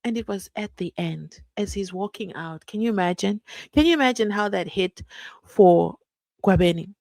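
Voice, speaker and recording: A woman's voice: mid-range voice, normal speed, gravelly, a little mellow, no echo. Woman chatting on her livestream from home, reads out comments, laughs lots, dry sound. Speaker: livestream host.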